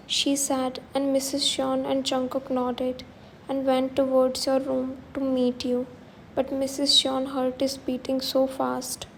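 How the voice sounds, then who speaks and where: Woman narrating a story, high and flat. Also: a little hiss or hum. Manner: plain, level reading with simple grammar. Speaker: fan fiction reader.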